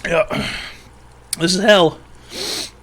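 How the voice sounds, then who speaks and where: A man's voice: a little high, very slow, fairly bright tone. A man hosting a livestream advice show, mocking his chat in a crude, rambling comedic rant.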